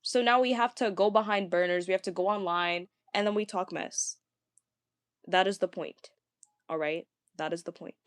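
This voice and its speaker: A young woman talking casually, ranting to viewers, stammering and repeating words, with a fairly deep voice for a woman. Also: moderate pace, no room sound. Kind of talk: casual rant.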